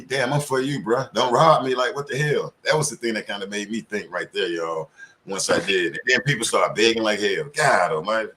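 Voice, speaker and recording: A man's voice: on the low side, fairly bright tone. A man in casual panel talk, telling loose, profane stories full of slang. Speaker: community panelist.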